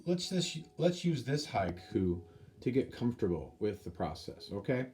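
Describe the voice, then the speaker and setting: A man's voice: fairly low pitch, sing-song, normal speed, a little mellow. A man teaching a classroom lesson, patiently repeating points and counting things out step by step.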